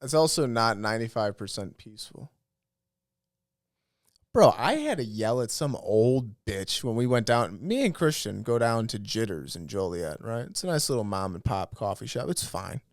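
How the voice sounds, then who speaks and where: A man's voice: medium pitch, big pitch swings, moderate pace, dry recording, clean studio sound. A man co-hosting a comedy podcast, telling profane, ranting stories in casual chat. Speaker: podcast co-host.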